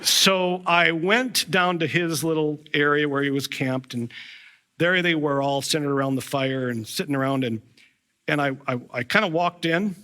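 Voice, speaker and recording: A man's voice: on the high side, moderate pace, bright, forceful tone, clean tone. A middle-aged man preaching a sermon as a pastor, telling a personal story in a conversational way with frequent restarts.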